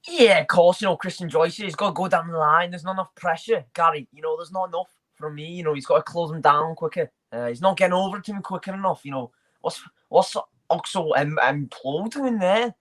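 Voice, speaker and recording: A man's voice: fairly high pitch, brisk, a bit bright, voice pushed up, natural voice. A man doing a fussy TV football pundit. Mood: lecturing. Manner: pundit-style lecturing with repeated "you know".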